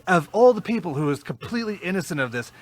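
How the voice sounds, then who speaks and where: A man's voice: high voice, sing-song, fast talker. A man co-hosting a podcast, telling a rowdy story in casual chat, swearing and laughing as he goes. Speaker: podcast co-host.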